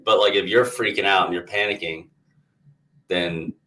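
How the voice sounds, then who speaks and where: Male podcast host, very deep voice, affirming, recorded from a distance. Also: steady tone, normal speed, sharp tone, a little hiss or hum. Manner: affirming, builds on guest's point. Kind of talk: casual conversation. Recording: distant from the mic.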